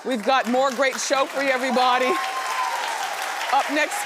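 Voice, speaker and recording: Sex: woman, Role: talk show host, Manner: chatty and candid, Voice: high, Background: faint studio audience. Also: steady tone, moderate pace, crowd noise, noisy background. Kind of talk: talk show chat and game hosting.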